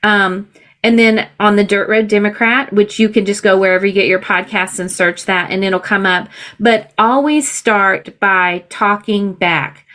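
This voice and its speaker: A woman's voice: medium pitch, fairly even intonation, unhurried, a bit bright. A woman from the Southern United States, a political candidate speaking as a podcast guest in earnest, emphatic casual conversation. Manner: earnest and emphatic, with laughs and restarts.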